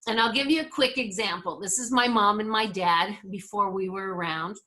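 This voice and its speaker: A woman with a bright, crisp voice leads a resilience workshop. She tells personal stories in an upbeat, conversational way as she talks a group through her slides. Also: medium pitch, normal speed.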